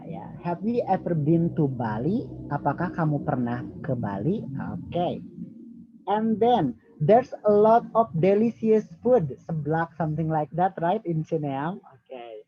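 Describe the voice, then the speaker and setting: Slow-talking Indonesian man tutoring English. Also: fairly high pitch, breathy edge, no echo. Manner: repeats words slowly while correcting pronunciation. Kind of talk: online feedback lesson. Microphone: video call. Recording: dull lo-fi video call audio.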